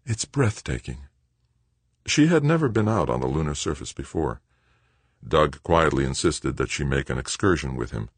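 A man reading an audiobook in measured, expressive scripted narration. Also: extremely low pitch, dry recording.

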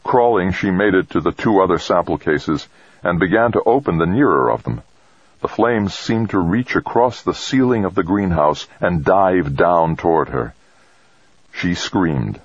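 A man narrating a science fiction story in a steady, dramatic reading. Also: deep voice, a little slow, slightly rough, no room sound. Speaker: audiobook narrator. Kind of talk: scripted narration. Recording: dull, dry close recording.

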